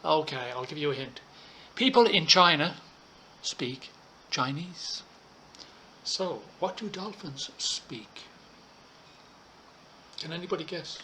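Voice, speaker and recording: A man teaching an English lesson online, talking students through slides in a slow, deliberate way and checking in with frequent "okay"s. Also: fairly high pitch, lively intonation, bright, forceful tone, slight background noise. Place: Thailand.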